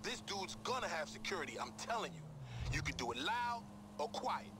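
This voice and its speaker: A man's voice: sits high, brisk, over music. An actor playing a streetwise male crime contact in a video game, talking in slangy street speech. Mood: laid-back briefing. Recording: game audio over steady noise.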